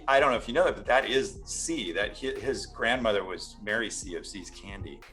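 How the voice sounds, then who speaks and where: A man's voice: lowish voice, a little fast, bright, forceful tone, soft background music. A man speaking for a winery at a virtual tasting, telling stories in a rambling, joking way with many restarts, over a video call. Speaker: winery representative. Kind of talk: casual storytelling at a virtual tasting.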